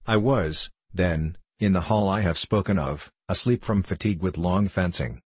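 A young prisoner recounts his boyhood, as a man reads him aloud. The voice sits very low with a husky grain, in a measured, even storytelling manner. The recording is dry and close, with no room sound. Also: dry recording. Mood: grave. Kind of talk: audiobook reading.

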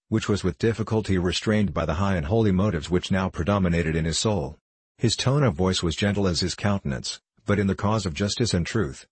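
A man reads classic literature aloud in a steady, formal, unhurried manner. His voice is low and somewhat husky, and the recording is close and dry with no room sound. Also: no room sound. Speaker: audiobook narrator. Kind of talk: scripted narration of a classic novel.

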